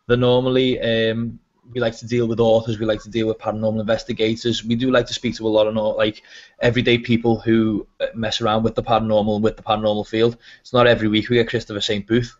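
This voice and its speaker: A man's voice: fairly low pitch, level tone, quick pace. A man hosting a casual podcast, chatty and rambling with plenty of fillers. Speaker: podcast host. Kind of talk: casual chat. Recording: dull lo-fi web broadcast audio.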